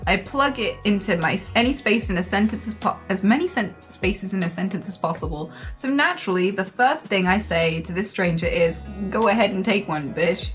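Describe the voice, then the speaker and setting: A woman's voice: mid-range voice, animated, fairly quick, few pauses, a bit bright, faint music behind. A woman streamer reading memes aloud and reacting, laughing often and swearing freely.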